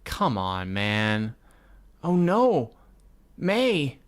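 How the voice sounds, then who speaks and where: A man's voice: mid-range voice, wildly swooping pitch, extremely slow. A man reading a comic aloud and reacting as he goes. He talks casually, swears often and sighs between thoughts. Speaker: manga reader reacting. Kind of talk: live reading reaction commentary.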